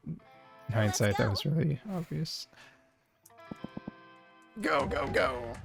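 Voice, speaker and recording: A man's voice: medium pitch, gravelly. A young man streaming a game, reading its text aloud in a playful way and slipping into silly voices for the characters, with faint music behind him.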